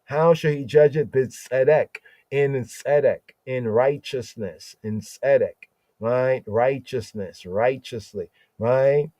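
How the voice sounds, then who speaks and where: A man's voice: medium pitch, slow pace, dark tone, no echo. A man hosting a podcast, teaching scripture with emphatic repetition, using Hebrew words and asking "right?" again and again. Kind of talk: scripture study talk.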